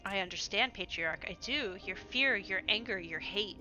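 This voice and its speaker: Earnest young diplomat, calm measured delivery, bright tone, read by a woman. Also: medium pitch, highs cut off, faint music behind, pitched below the performer's own voice.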